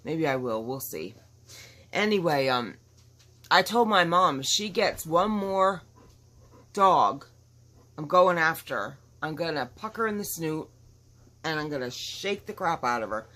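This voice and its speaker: A woman with a somewhat low voice chats casually to her viewers from home. She talks in an emphatic, outspoken way and rambles from one point to the next. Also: animated, a little slow, pauses often, a bit bright. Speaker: vlogger. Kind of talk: casual chat to camera. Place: at home with dogs nearby.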